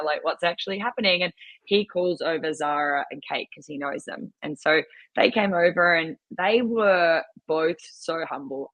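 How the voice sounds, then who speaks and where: A woman's voice: deep voice, fairly bright tone, dry recording. An Australian woman, a coach and podcast guest, telling stories in a chatty way with plenty of laughs and filler words. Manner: chatty storytelling, laughs often, says "like" a lot. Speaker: rowing and ski erg coach guest. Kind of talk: casual podcast chat.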